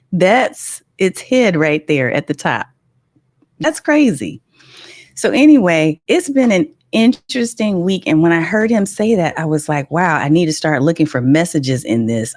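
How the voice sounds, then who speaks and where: A middle-aged woman, hosting a casual livestream and telling animated stories while greeting viewers. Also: fairly low pitch, measured pace, no room sound, clean studio sound. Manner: animated storytelling, greets chat viewers, laughs often. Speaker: livestream host.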